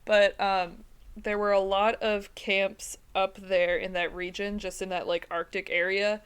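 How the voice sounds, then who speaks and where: A woman's voice: mid-range voice, flat delivery, a little slow, smooth. A woman co-hosting a casual podcast, talking in a chatty, self-deprecating way and laughing often. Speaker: podcast co-host presenting the topic.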